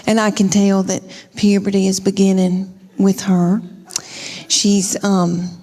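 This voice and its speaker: A woman's voice: medium pitch, little pitch movement, takes it slowly, warm tone. A middle-aged woman with a Southern US accent doing stand-up comedy, telling chatty, folksy stories with teasing asides on stage before a live audience. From Southern United States. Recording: live hall with long reverb and audience noise.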